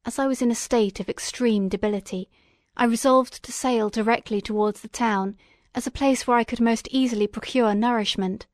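A woman reading a classic novel aloud as an audiobook, in a measured, expressive and dramatic way. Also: on the high side, no room sound, clean studio sound. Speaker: audiobook reader.

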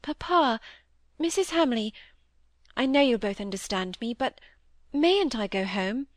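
A woman's voice: a little high, animated, a little slow, no room sound, studio quality, voice pushed up. A woman reading aloud, voicing an affectionate, eager young girl in a storybook. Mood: pleading.

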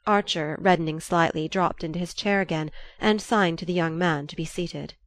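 Low-voiced woman narrating a novel. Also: moderate pace, no echo. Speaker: audiobook narrator. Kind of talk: scripted narration.

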